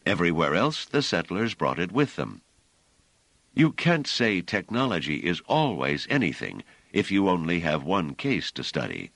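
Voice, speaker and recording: A mild, thoughtful scholar in a storybook, reasoning gently through ideas, played by a male narrator with a deep voice. The recording is dry and close, with no room tone. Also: huge pitch swings, normal speed, vocal fry, dry recording, heavily acted. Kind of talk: audiobook character voice.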